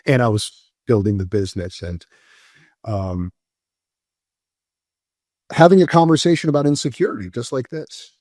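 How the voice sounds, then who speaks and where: A man's voice: medium pitch, normal speed, pauses often, a little mellow, dry recording, studio quality. A man in his forties from Moldova, a podcast guest telling a personal story with many fillers and restarts, on the edge of tears. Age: 40s. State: near tears.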